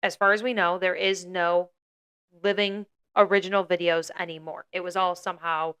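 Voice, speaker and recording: A woman's voice: on the low side, little pitch movement, normal speed, fairly bright tone, clear, resonant tone. A young woman co-hosting a podcast, casually retelling a story with lots of "like" and acted-out quotes. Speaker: podcast co-host.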